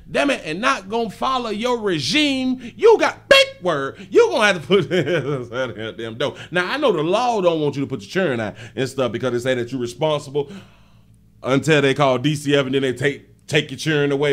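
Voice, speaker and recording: A male host on a live stream, talking loudly and laughing often as he reacts to a video. His voice sits a bit high for a man and swings widely in pitch, rising sharply and dropping low again. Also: brisk. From Florida. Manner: loud, laughing, animated street talk. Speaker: show host.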